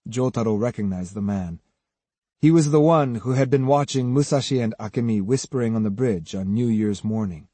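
A man's voice: medium pitch, moderate pace, dark tone, no room sound. A man reading a novel aloud as an audiobook narrator, giving each character a voice. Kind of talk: scripted narration.

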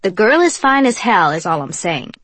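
A woman voicing a loud, teasing young man who swears casually, in an audiobook reading with a breathy, dry sound. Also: mid-range voice, big pitch swings, normal speed, no room sound. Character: cocky joking young man, loyal friend. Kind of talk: audiobook character voice.

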